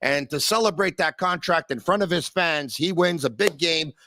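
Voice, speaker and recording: Man, podcast host, excitable, high bright voice, dry close sound. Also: moderate pace, no room sound. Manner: excitable, sings and shouts bits, big pitch swings. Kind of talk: energetic sports talk.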